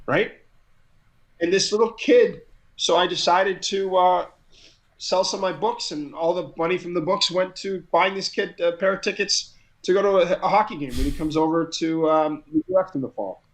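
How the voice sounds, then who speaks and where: A middle-aged man with a fairly high voice tells a story in casual chat. He talks with energy and often stumbles over repeated words as he picks up speed. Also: normal speed, low-quality recording. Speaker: guest, crowd hype man.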